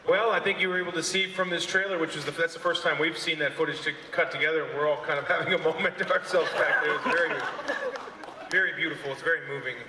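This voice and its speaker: A man answering heartfelt and halting as an actor on a convention panel. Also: a little high, fairly even intonation, noisy background. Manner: halting, heartfelt, searching for words. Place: large convention hall stage. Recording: echoey hall with long reverb.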